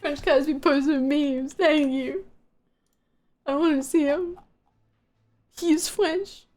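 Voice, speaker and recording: A woman's voice: high-pitched, steady tone, slow pace. A woman streaming a video game live, reacting playfully and laughing often as she comments. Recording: clear game music behind voice.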